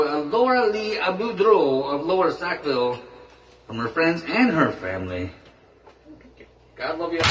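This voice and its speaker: A man leading a band, joking in folksy banter between songs and singing country tunes. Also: high-pitched. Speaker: singer and bandleader. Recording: roomy, distant mic, loud band music.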